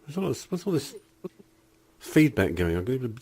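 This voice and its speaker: A man's voice: medium pitch, sing-song, measured pace, mellow, breathy edge. A British man hosting a radio show, introducing and chatting with his guest. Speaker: radio host. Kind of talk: casual radio banter.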